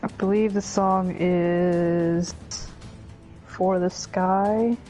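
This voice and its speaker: A woman's voice: on the low side, steady tone, extremely slow, warm tone, soft background music. A woman co-hosting a let's play, chatting casually and jokingly while gaming, often giggling. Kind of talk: casual gameplay chat.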